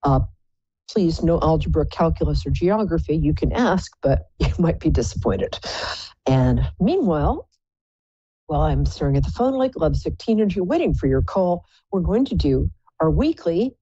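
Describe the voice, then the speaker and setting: Rambling, playful woman with a lively voice. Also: sits low, normal speed, breathy edge, no echo, dull audio. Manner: playful, rambling, self-mocking. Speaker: psychic radio show host. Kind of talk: chatty live call-in show.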